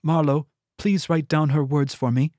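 A man voicing a calm, mystical queen. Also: medium pitch, normal speed, no room sound, clean studio sound, lightly acted. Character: calm female monarch, gentle and mystical.

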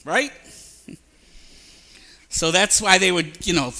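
Bright-voiced animated pastor preaching. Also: male voice, high voice, slow pace. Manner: animated, mimics babbling sounds. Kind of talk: sermon. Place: church sanctuary.

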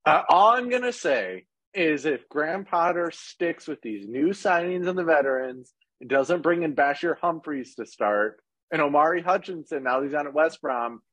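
Husky-voiced man in casual sports chat. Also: normal speed, dry recording, rough recording. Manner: animated, sarcastic, quotes others in lowered voices. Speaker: podcast co-host.

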